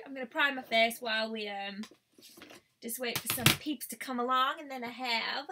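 A woman's voice: on the high side, fairly even intonation, moderate pace, background noise. A woman chatting bubbly on a live stream, greeting viewers by name, recorded on a webcam at home. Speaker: beauty vlogger. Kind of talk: live-stream casual chat.

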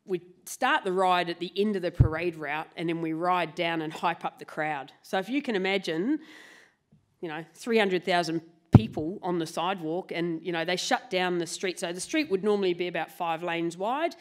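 A woman telling a true story live to an audience, lively and laughing often, swearing casually. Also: fairly low pitch, normal speed. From New Zealand. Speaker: motorcycle club president and storyteller.

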